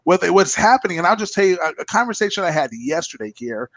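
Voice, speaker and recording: A man's voice: sits high, fast, no room sound. A man who runs a company, chatting on a talk show and acting out the voices of people in his story. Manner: animated, acts out quoted voices. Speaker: company president.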